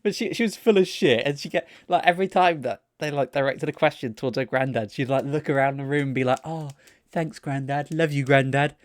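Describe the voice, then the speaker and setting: A young man, co-hosting a podcast and telling a sweary, animated story about people he met. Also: on the high side, fast, few pauses, dry recording. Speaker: podcast co-host. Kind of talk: casual storytelling chat.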